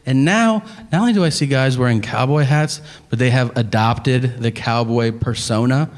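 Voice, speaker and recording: A man's voice: medium pitch, normal speed. A man doing stand-up storytelling on stage with a handheld mic, profane and incredulous. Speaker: stand-up comedian. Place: live comedy venue. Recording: live hall reverb with ambient noise.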